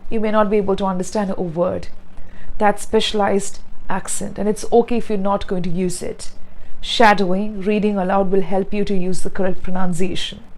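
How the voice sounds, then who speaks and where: A woman teaching pronunciation, speaking slowly and deliberately and repeating words to demonstrate sounds. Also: mid-range voice, flat delivery, darkish tone, rough recording. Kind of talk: pronunciation lesson.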